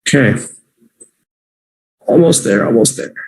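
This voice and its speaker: A man teaching English vocabulary on a livestream, repeating each word slowly for learners to say with him. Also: medium pitch, lively intonation, vocal fry, a little mellow, breathy edge. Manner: slow, drawn-out repetition for learners.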